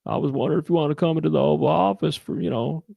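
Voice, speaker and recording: A man doing a comic impression of a simple-minded Southern man with presidential airs, slow and drawling. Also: fairly high pitch, fairly even intonation, creaky, no room sound, narrow, tinny audio. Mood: boastful. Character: dim-witted Southern man mashed up with a president.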